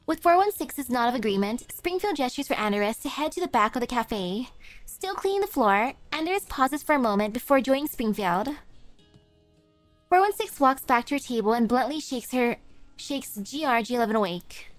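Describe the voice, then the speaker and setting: A woman's voice: a little high, lively intonation, normal speed, no echo, faint music behind. A woman streamer narrating a game story aloud, with small slips and chatty asides.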